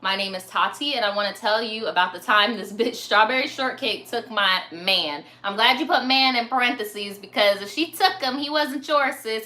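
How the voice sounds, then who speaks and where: A woman's voice: fairly high pitch, moderate pace, hardly any pauses, pushed and bright. A young woman hosting a live stream, reading viewer stories in a chatty, slangy way, laughing and swearing often. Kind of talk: casual chat.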